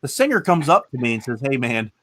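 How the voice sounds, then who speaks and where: A man's voice: fairly high pitch, big pitch swings, fast, fairly bright tone, husky. A man in his thirties hosting a casual chat, telling rambling stories and swearing casually. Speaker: podcast host.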